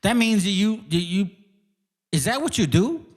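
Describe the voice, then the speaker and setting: Combative man ranting, fairly high voice. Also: sing-song, moderate pace. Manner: combative, profane, mocking. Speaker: channel host. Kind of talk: heated livestream rant.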